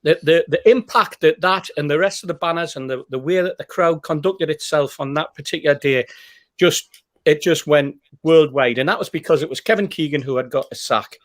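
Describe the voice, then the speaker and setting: A man's voice: on the high side, a little fast. A man, telling a rambling, anecdotal story in casual chat as a podcast host. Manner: rambling, anecdotal, with fillers and repeats.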